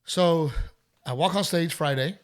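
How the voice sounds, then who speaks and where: A middle-aged man hosting a podcast, telling a story in a casual, animated way and acting out other people's voices. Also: a little high, a little slow. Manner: animated, acts out heckler voices. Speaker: podcast host.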